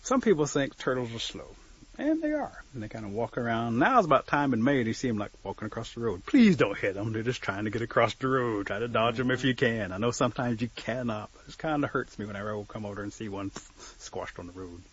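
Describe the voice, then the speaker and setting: Husky-voiced man telling a folk tale. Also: medium pitch, a little fast, dull audio. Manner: relaxed, folksy, conversational. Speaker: storyteller. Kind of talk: oral folk storytelling.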